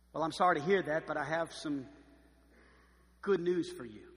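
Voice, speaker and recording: A man preaching a sermon as pastor, emphatic and swinging from quiet, slow stress to loud emphasis. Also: on the high side, long reverb tail.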